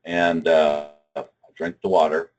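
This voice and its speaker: An older man speaking at a trading seminar, telling a personal story in a dramatic, emphatic way, with big swings in pitch and loudness. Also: little pitch movement, unhurried, dull audio.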